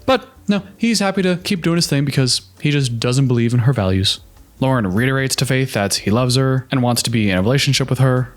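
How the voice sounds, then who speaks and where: A man commenting on reality-show clips in a sarcastic, incredulous, analytical way. His pitch leaps around a lot as he talks, at a middling pitch for a man. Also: lively intonation, fairly quick. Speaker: YouTube commentator.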